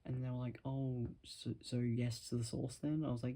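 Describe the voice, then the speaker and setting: A man talking casually to his camera at home, rambling and self-deprecating, in a musing, soft-spoken way. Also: medium pitch, flat delivery, moderate pace. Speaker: vlogger.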